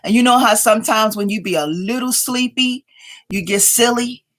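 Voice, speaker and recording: A woman's voice: fairly high pitch, moderate pace, a bit bright. A woman hosting a casual craft livestream from home, greeting viewers by name as they join and chatting along, a little sleepy. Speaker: craft channel host.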